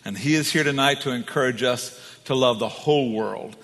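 A man's voice: medium pitch, normal speed, fairly bright tone, in a large hall. A man, the church host, introducing a guest speaker with enthusiastic, emphatic praise. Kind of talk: warm introduction speech.

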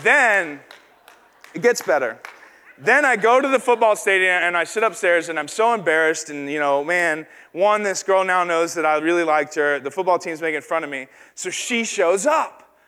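A man preaches in a large hall, and his high, bright voice rings out into a long reverb. He tells a story that pokes fun at himself and puts on the voices of the people in it. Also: lively intonation, moderate pace, clear, resonant tone. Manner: self-deprecating storytelling, acts out quoted voices. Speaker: pastor. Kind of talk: sermon with personal story.

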